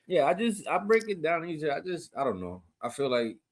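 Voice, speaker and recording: A man's voice: on the high side, a little fast. An American man telling kitchen stories in loose, slangy casual chat, laughing often. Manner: animated slang-heavy storytelling, laughs often.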